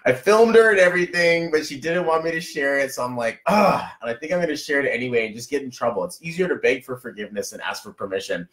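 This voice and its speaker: A man reading numerology on a casual live stream, chatty and excitable, greeting viewers by name. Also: medium pitch, fast, few pauses. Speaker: numerology reader. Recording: echoey room.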